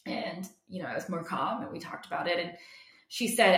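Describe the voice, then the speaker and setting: Bright, lively young woman in an echoey room. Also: on the low side, moderate pace. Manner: animated storytelling, gets worked up. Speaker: podcast co-host. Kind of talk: casual chat.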